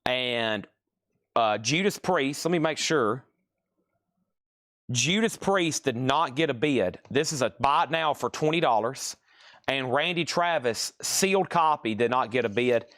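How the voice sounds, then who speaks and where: A man's voice: mid-range voice, expressive, a little slow, fairly bright tone. A man hosts a live record sale. He talks casually and rambles, thinking aloud while he sorts. His voice sits in a middle range. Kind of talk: casual livestream selling.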